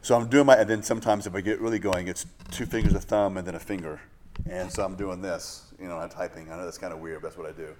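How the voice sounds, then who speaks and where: A low-pitched male pastor leads a Bible study in a loose, conversational way. He drifts into asides and pokes fun at himself. His voice carries through a roomy, echoey space. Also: quick pace, slight background noise. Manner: relaxed, digressive, self-deprecating asides. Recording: echoey room.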